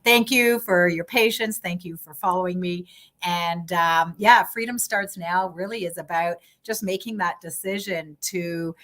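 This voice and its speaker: A woman's voice: mid-range voice, fairly bright tone. A middle-aged woman from Canada hosting an online talk show on a video call, chatty and a little flustered, with lots of fillers and laughs. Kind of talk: casual online show chat.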